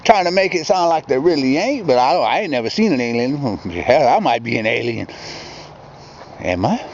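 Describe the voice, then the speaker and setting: A Michigan vlogger rambles and rants in a casual outdoor video shot at dusk beside a yard fence and campfire. His medium-pitched voice is sing-song and a little mellow at a moderate pace. The handheld camera gives dull lo-fi audio with faint outdoor ambience and slight background noise.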